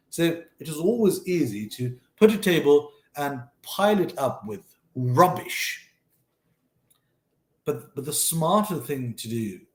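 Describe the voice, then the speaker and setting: Reflective man in an echoey room. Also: fairly high pitch. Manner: thoughtful, conversational, often restarts and self-corrects. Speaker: host sharing life lessons. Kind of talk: casual reflective monologue. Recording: roomy echo.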